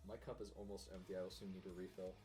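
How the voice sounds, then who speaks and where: A man's voice: sits low, completely flat delivery, very fast, music in the background. A man playing a tabletop game over a headset, chatting casually and joking with the group. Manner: joking, laughs often. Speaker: player.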